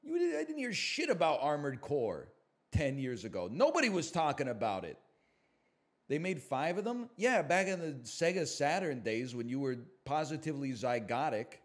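A man's voice: very animated, normal speed. A man in his thirties streaming, ranting in sarcastic casual banter. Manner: sarcastic, ranting, mock voices at high pitch.

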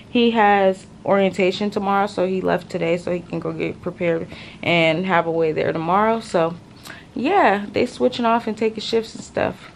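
A woman's voice: medium pitch, gravelly, a little hiss or hum. Exhausted young woman vlogging casually. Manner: tired, drawn-out casual slang. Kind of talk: casual talk to camera. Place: hospital room.

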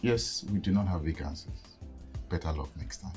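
A brusque company boss. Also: male voice, extremely low pitch, moderate pace, a little mellow, faint music behind. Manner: brusque, dismissive.

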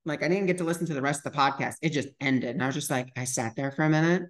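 A man's voice: on the high side, racing. A young man tells a personal story to camera on his spiritual vlog. He talks in a loose, chatty way, scattering fillers and acting out other people's lines as he goes. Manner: chatty, full of "like" fillers, re-enacts dialogue. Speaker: spiritual vlogger.

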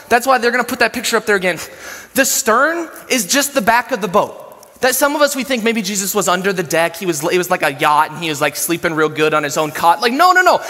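A male pastor preaching a sermon in a casual, animated storytelling way, full of slang. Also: high-pitched. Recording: long hall reverb.

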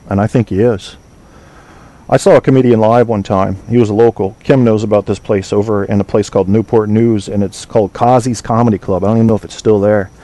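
Mellow-voiced man rambling casually. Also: lowish voice. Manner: rambling, swears freely, trails off searching for names. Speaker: podcast host. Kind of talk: casual chat with listeners.

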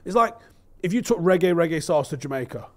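Man from england, higher voice, laid-back, swears casually, fills with "like", live chat co-host. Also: animated, quick pace, darkish tone.

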